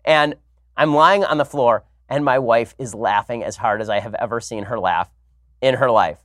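A man's voice: mid-range voice, normal speed, fairly bright tone, no room sound, studio quality. A man in his thirties hosting a podcast, telling a rambling story with wry, sarcastic asides. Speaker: podcast host. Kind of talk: casual monologue and commentary.

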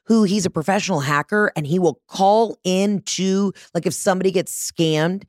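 On a close studio mic with no echo, a woman hosting a podcast tells a story at normal speed in a fairly low voice. Her telling is casual, animated and profane, and she mocks herself along the way.

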